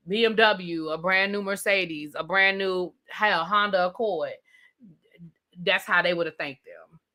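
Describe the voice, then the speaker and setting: A woman with a DC accent talks through a live TV review, casual and full of sass. Her voice is bright and forceful, and she keeps breaking off to answer her live chat before diving back into the rant. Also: mid-range voice. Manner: chatty, reads and answers live chat, sassy slang. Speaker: host.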